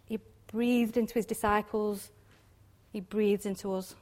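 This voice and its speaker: A woman giving an informal devotional talk on scripture, chatty and quick to laugh, often ending points with little questions. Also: mid-range voice, fairly even intonation, a little mellow. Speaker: Bible teacher.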